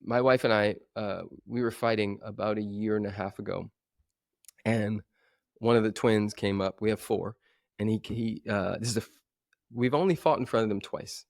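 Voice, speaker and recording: A man in his forties, a coach talking as a guest in a podcast interview, telling stories with animated energy and acting out other voices. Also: lowish voice, normal speed, vocal fry, no echo, clean studio sound. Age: 40s. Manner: animated storyteller who acts out voices.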